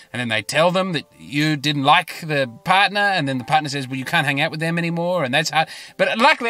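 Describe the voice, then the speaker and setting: An Australian comedian and podcast host tells a rambling, self-mocking comic story in a chatty way, recorded in his parked car. His voice is fairly high, bright, and forceful.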